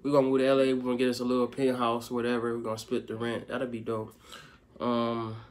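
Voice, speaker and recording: Speaking fast in a mid-range voice with a completely flat delivery, a young man rambles through fan questions in a laid-back vlog. He leans heavily on fillers, and faint music sits in the background.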